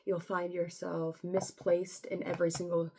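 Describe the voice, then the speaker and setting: Young woman doing a spiritual vlog, low voice with lots of fry, reads quotes then talks real blunt. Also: completely flat delivery, normal speed, slight background noise. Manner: blunt and profane, swings from soft reading to frustrated outbursts. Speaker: spiritual vlogger. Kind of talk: casual spiritual vlog, reading quotes aloud.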